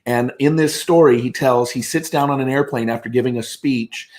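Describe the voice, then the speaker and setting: Man, mid-pitched voice, lively storyteller, acts out quoted voices. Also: moderate pace. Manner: animated anecdotes with quoted voices. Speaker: guest speaker. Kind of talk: storytelling in conversation.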